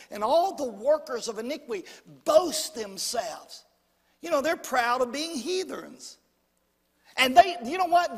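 A man preaching a sermon as pastor, calling out to the congregation and rising to shouts at the peaks. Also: extremely high pitch. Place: church sanctuary. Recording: long hall reverb.

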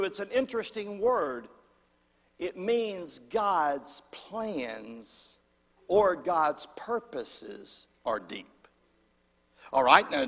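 A male pastor preaching a sermon, calling for amens and swinging between loud and hushed delivery. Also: high voice. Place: church sanctuary. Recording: long hall reverb.

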